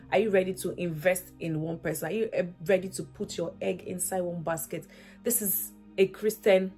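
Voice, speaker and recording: A woman's voice: fairly low pitch, darkish tone, breathy edge. Earnest woman giving faith-based relationship advice. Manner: earnest, emphatic, repeats points with rhetorical questions.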